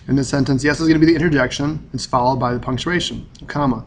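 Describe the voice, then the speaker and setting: A man's voice: mid-range voice, steady tone, fast, hardly any pauses, slight background noise. A male teacher giving a recorded grammar lesson, explaining in a plain, methodical way.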